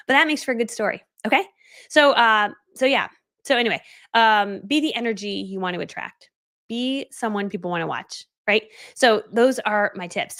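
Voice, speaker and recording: A woman's voice: medium pitch, fairly bright tone. A woman hosting a live video, teaching marketing in a chatty, laughing way and acting out quotes. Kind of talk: casual live-stream teaching.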